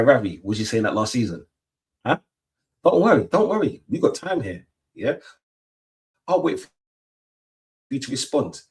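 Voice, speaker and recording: A young British man hosting a casual football livestream, full of playful trash talk and "yeah?" tags. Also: lowish voice. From Britain. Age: young adult. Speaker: livestream host. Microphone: webcam mic.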